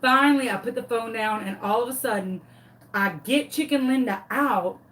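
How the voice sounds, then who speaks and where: Animated woman telling a story. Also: fairly high pitch, moderate pace, slight background noise. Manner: animated, dramatic storyteller, talks to viewers directly. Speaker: craft tutorial host. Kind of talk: casual storytelling during a craft demo.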